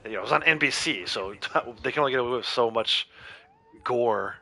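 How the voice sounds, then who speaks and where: A man hosting a gaming livestream, chatting casually and rambling, often laughing and trailing off quietly. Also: medium pitch, brisk, no room sound. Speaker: livestream host. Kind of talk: casual chat while gaming.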